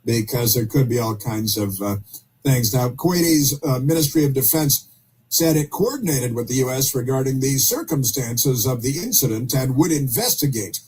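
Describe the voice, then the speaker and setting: A man hosting opinionated talk radio, speaking haltingly with many fillers and restarts and dropping sarcastic asides. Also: medium pitch, lively intonation, darkish tone, slight background noise.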